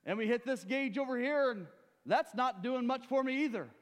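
A man preaching a sermon, swinging from loud urging to hushed low asides, with rhetorical questions and acted-out stories. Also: normal speed, long reverb tail.

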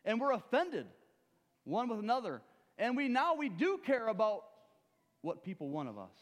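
A man preaching a sermon, swinging from loud urging to hushed low asides, with rhetorical questions and acted-out stories. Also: big pitch swings, moderate pace, big-room sound.

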